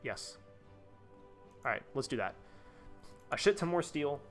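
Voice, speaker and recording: A man's voice: a little high, big pitch swings, a little slow, faint music behind. A young man live-streaming a game, chatting casually and rambling with lots of fillers and restarts. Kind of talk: casual gameplay commentary.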